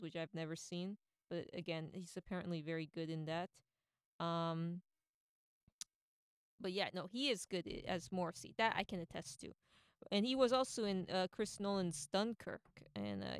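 A woman's voice: lowish voice, clean tone, no room sound, clean studio sound. A woman giving casual, opinionated commentary on film casting, rambling with many fillers and restarts. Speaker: entertainment commentator.

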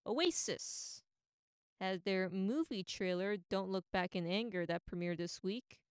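A woman's voice: mid-range voice, a little slow, clear, resonant tone, dry recording, clean studio sound. A woman giving casual, opinionated commentary on film casting, rambling with many fillers and restarts. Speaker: entertainment commentator.

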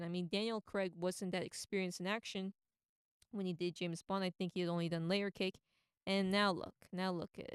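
A woman's voice: medium pitch, clear, resonant tone, no echo, studio quality. A woman giving a casual, opinionated and rambling monologue as a pop culture commentator.

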